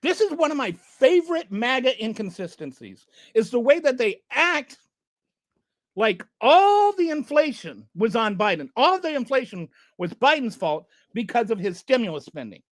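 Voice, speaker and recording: A fed-up channel host delivers sarcastic political commentary in a ranting style. The pitch swings widely, rising sharply in moments of exasperation. The recording is dry and close, with no room echo. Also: sing-song, normal speed.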